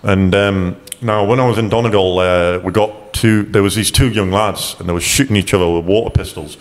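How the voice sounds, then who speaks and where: A man's voice: on the low side, steady tone, a little fast, big-room sound. A young man from Scotland, a podcast guest chatting casually and laid-back, swearing often. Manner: laid-back, swears a lot, quotes people in raised voices. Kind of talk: casual chat.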